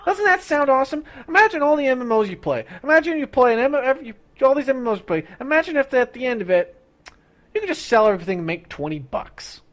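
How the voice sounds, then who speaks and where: A young man with a high-pitched voice rants through a gaming stream. He talks in an excitable, profane rush and keeps building himself up. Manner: profane, excitable, fast rant. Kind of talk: ranting gaming stream chat.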